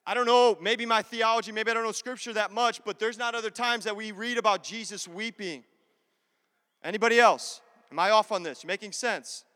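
A man's voice: sits high, a little fast, a bit bright. A man preaching a sermon with passion, repeating lines and acting out prayers in his own voice. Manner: impassioned, repetitive preaching with acted-out prayers. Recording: long hall reverb.

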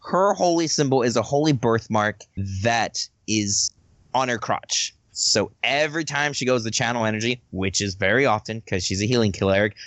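A man's voice: medium pitch, no room sound. A man chatting casually about his tabletop role-playing characters, laughing often and trailing off mid-thought.

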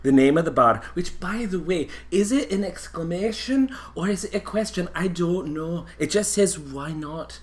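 A man's voice: high voice, expressive, moderate pace, few pauses, voice pushed up. Man putting on a fussy old Scottish nanny. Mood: reading aloud. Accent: put-on Scottish. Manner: genteel, fussy, calls everyone dear. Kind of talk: comedic character skit.

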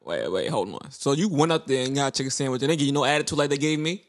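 A young man co-hosting a podcast in casual chat, animated and joking with slangy talk. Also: medium pitch, very fast. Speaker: podcast co-host.

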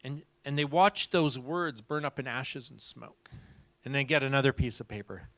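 Animated preacher telling a story. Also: male voice, mid-range voice, moderate pace, dry recording. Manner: animated, acts out the people in his stories. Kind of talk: sermon storytelling.

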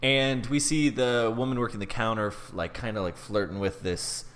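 Enthusiastic low-voiced man co-hosting a podcast. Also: steady tone, moderate pace, a bit bright, echoey room. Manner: enthusiastic, rambling with fillers. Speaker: podcast co-host. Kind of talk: casual film discussion.

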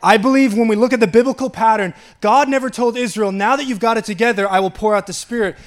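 A man's voice: sits high, fast. A man with a Long Island accent preaching a sermon, reading scripture aloud and chuckling between his points. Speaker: pastor.

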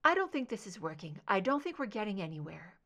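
A hypnotized woman agent in an audiobook scene, her speech slurred and halting, pitched up and pressed louder than the narration around it, as a woman reader puts her on. She sounds shaky and frightened. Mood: shaken.

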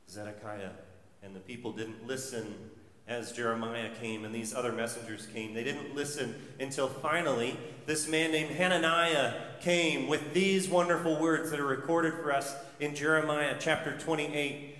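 A man's voice: mid-range voice, steady tone, normal speed, a bit bright, slight background noise. A male pastor preaching a sermon, telling stories and building his points with repeated rhetorical questions. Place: church sanctuary. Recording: echoey church hall.

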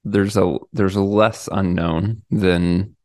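A man hosting a podcast, asking questions in a relaxed way, hedging with frequent fillers. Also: low voice, slow, no room sound, clean studio sound. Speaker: podcast host. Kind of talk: casual interview.

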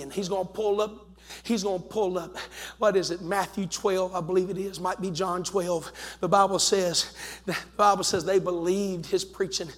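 A man with a Southern accent preaching a fiery revival sermon as pastor, swinging between shouted warnings and low, quiet pleading. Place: large church sanctuary. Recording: long hall reverb.

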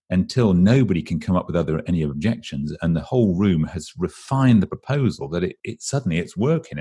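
A man with an English accent, a guest expert in an interview, explaining a process briskly and acting out what people say. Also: sits low, a little mellow, slightly rough. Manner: brisk, explanatory, acts out quoted voices.

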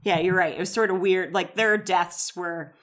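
Woman, podcast co-host, lowish voice, relaxed casual chat. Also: moderate pace.

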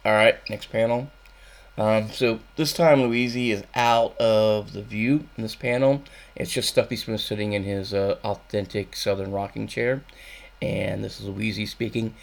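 A man's voice: on the low side, fairly even intonation, measured pace, gravelly. A man hosting a music radio show, casually rambling with dry jokes and many ums. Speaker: radio host.

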